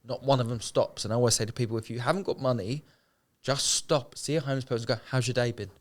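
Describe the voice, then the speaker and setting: Young guy in an interview, earnest and heartfelt, talks plain and repeats himself for emphasis, mid-pitched voice. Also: steady tone, fast. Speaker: homeless charity founder. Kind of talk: emotional podcast interview.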